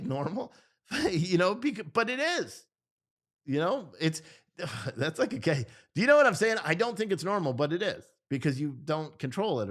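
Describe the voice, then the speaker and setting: A male host with a fairly high voice riffs through casual political commentary, swearing freely. He rambles, restarts his sentences and asks his audience questions directly. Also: fairly bright tone. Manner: rambling, profane, self-interrupting.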